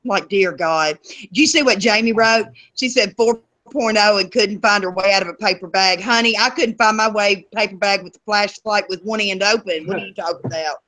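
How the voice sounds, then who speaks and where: A middle-aged woman with a Southern US accent chats easily as a co-host. She laughs often and talks in a relaxed, homey way. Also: mid-range voice, fairly quick. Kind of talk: casual chat.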